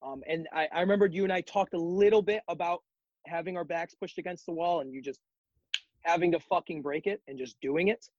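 A man's voice: on the high side, fairly quick, a little mellow, dry recording, highs cut off. A man as a podcast guest in casual chat, talking reflectively and encouragingly with many ums.

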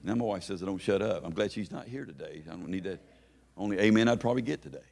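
A man's voice: on the low side, quick pace, vocal fry, darkish tone. A middle-aged man from Kentucky, preaching a sermon as a guest bishop, telling stories with self-deprecating humor and stammered restarts, then building into a rhythmic preaching cadence.

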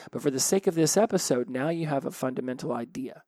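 A man's voice: mid-range voice, fast talker, warm tone, no echo. A man hosting a podcast and coaching listeners on habits, in a casual, conversational way that often repeats and restarts words. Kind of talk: casual solo podcast talk.

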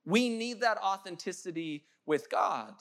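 Young guy preaching, high voice, gets fired up and emphatic. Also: expressive, a little slow, fairly bright tone. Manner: impassioned, rising to emphatic peaks. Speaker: pastor. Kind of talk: sermon.

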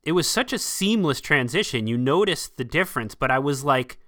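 A man hosting a casual film review podcast, talking in an animated, enthusiastic way. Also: fairly high pitch, normal speed. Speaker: podcast host.

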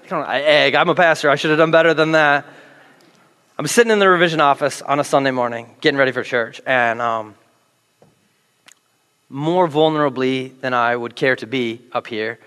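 A male pastor tells a story from the stage in a slightly high voice, animated and self-deprecating. His sermon carries a long reverb from a large church hall.

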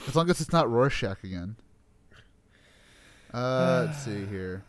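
A man's voice: mid-range voice, animated, unhurried, a little hiss or hum. A man hosting a podcast in casual chat, swearing freely and laughing easily as he talks. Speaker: podcast host.

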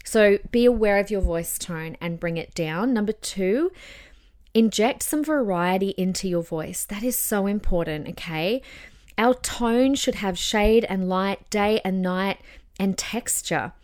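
A woman's voice: mid-range voice, a little slow, darkish tone. A young adult woman hosting a casual advice podcast, talking in an encouraging way and demonstrating voice changes as she goes. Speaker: podcast host and voice coach.

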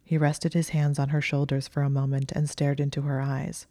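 An audiobook narrator reads fiction in a calm, steady storytelling way. The voice is mellow and level, with little rise or fall. The recording is close and dry. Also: mid-range voice, moderate pace, no room sound. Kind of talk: scripted narration of fan fiction.

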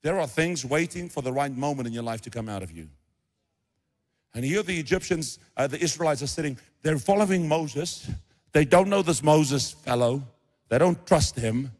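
A man's voice: fairly high pitch, expressive, normal speed, pauses often, long reverb tail. A middle-aged man preaching a sermon, acting out the voices of biblical figures as he tells the story. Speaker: pastor.

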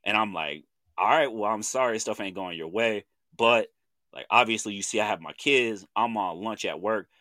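A man in his thirties from Oklahoma with an Oklahoma accent, co-hosting a podcast and telling a story in animated casual chat, acting out what people said in slangy talk. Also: lowish voice, moderate pace, no echo. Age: 30s. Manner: animated storytelling with slang, acts out quoted voices. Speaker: podcast co-host.

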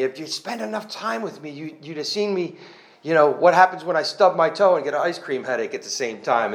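Earnest man giving church testimony, slightly high. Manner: earnest and conversational, with self-mocking humor; rambling, with restarts. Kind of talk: personal testimony to a congregation.

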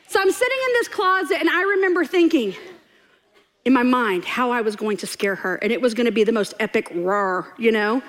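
A woman telling a funny personal story in a sermon, laughing and acting out voices. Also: high voice. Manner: animated, laughing storyteller who acts out quotes. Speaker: preacher. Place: church stage before a congregation.

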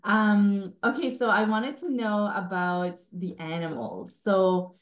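A woman interviewer who speaks slowly, reacting with enthusiasm and lots of "like" and "oh my gosh". She sounds relaxed and easygoing as she asks her questions. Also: mid-range voice. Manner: enthusiastic listener, many "oh my gosh" and "like". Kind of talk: casual interview chat.

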